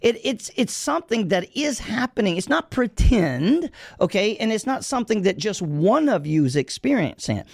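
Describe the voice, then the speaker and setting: Emphatic pastor, lively and gravelly. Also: male voice, high-pitched, no room sound, studio quality. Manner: emphatic, repeats key lines slowly for emphasis; folksy, addresses listeners as y'all. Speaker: pastor and podcast host. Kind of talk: preaching-style podcast talk.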